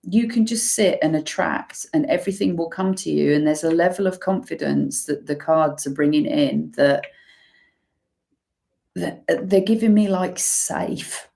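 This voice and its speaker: A woman giving an intuitive tarot reading, musing slowly and using many fillers as she talks through the cards. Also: low voice, gravelly, mellow. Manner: slow, musing, full of fillers. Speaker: tarot reader.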